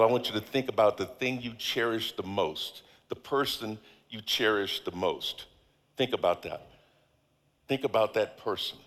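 A man's voice: on the low side, fairly bright tone. A middle-aged male guest preacher leading a congregation through declarations in a sermon, drawing out his words for emphasis. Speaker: guest speaker. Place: large church hall. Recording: long hall reverb.

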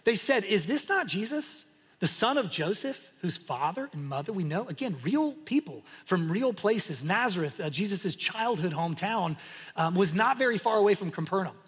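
A man preaching a sermon as pastor, telling the story in an animated way and acting out the crowd's reactions. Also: high-pitched, moderate pace, slightly rough. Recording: long hall reverb.

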